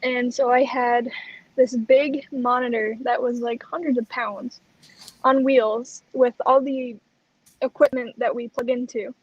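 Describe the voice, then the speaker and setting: A woman co-hosting a chat show, telling a personal story in a lively way and acting out the lines she quotes. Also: fairly high pitch, unhurried, breathy edge, no room sound, dull audio. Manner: animated, acts out quoted lines. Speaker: co-host.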